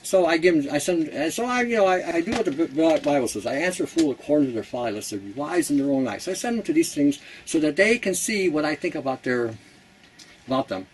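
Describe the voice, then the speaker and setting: A man's voice: fairly high pitch, expressive, fast, a little hiss or hum, rough recording. A man hosting a casual how-to talk, chatty and blunt, laughing at his own jokes. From Canada. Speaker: host.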